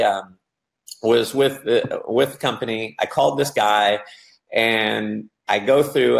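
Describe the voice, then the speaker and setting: Man, gravelly creaky voice, casual storytelling, network marketing talk, animated quotes. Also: medium pitch. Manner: storytelling, animated, acts out excited quotes with laughs.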